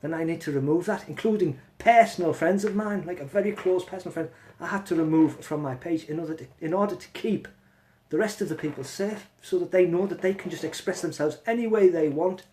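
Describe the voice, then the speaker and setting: Casting: male live streamer, fairly high voice, blunt and confrontational, phone mic. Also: fairly quick, darkish tone, slight background noise. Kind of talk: casual live stream rant.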